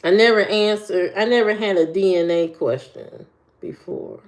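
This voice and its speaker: A woman's voice: medium pitch, normal speed. A woman from Indiana chatting on a livestream and answering viewers, rambling and repeating her phrases. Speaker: livestream host.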